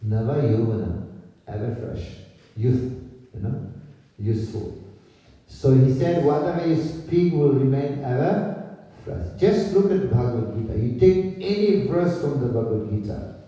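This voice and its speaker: A man's voice: medium pitch, expressive, moderate pace, dark tone. A man giving a scripture class as a visiting monk, chuckling often and putting questions to his listeners, recorded in a temple hall. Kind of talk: sermon. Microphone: distant camera microphone. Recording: echoey hall recorded from far off.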